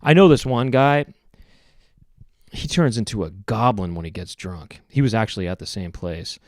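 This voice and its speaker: A man with a lowish voice talks on his podcast in a meandering, deadpan comic monologue. He keeps correcting himself and wandering off topic. The sound is dry and close, with no room behind him. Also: normal speed, no echo. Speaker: podcast host. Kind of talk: rambling comedic monologue.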